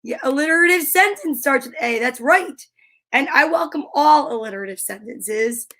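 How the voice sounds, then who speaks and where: A woman hosting a livestream story time, chatting excitedly and greeting viewers by name. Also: sits high, normal speed. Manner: bubbly and excitable, reads out viewer comments.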